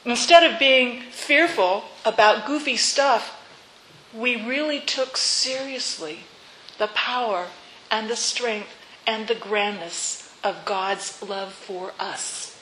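Bright-voiced woman preaching in an echoey church. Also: on the high side, slow, slight background noise. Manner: leads congregation in call-and-response repetition; reflective storytelling with rhetorical questions. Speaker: pastor. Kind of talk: sermon. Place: church sanctuary.

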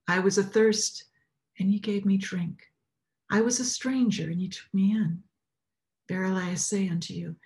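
A gentle divine voice speaks in solemn, measured phrases, as a woman reading the story puts it on. The delivery is calm and unhurried. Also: medium pitch, natural voice.

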